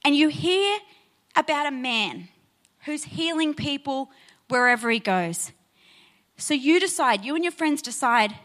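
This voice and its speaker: Her voice sits high and her delivery is a little slow as she preaches, animatedly recounting a Bible story. She frequently asks "right?" to check in with the people listening.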